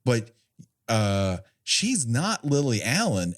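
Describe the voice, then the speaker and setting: Low-voiced man, laughing podcast chat. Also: very animated, takes it slowly. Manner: jokey, laughs often, slips into mock voices. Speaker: podcast co-host. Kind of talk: casual comedic film discussion.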